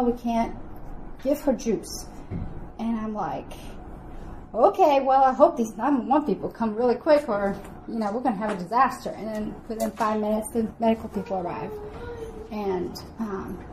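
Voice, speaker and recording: Brief: woman, slightly high voice, chatty storyteller, audible background noise. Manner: chatty, uses many fillers, acts out quoted dialogue. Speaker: family devotional speaker. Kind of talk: casual storytelling.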